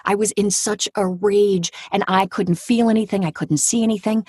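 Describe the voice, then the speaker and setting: A woman in her forties, an actor and audiobook narrator, telling a personal story in an interview with vivid, dramatic delivery that drops to a hush at tense moments. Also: mid-range voice, steady tone, moderate pace, hardly any pauses, slightly rough, no room sound, studio quality. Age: 40s.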